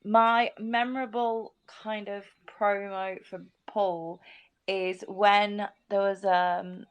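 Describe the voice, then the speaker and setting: A woman's voice: mid-range voice, level tone, slow, clear, resonant tone. Chatty woman on a podcast. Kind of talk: casual chat.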